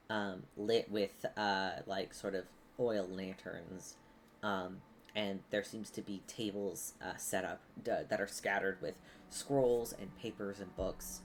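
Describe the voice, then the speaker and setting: A woman's voice: rumbling low, a little hiss or hum. A woman narrating a tabletop game as game master, hesitant, with many ums and likes.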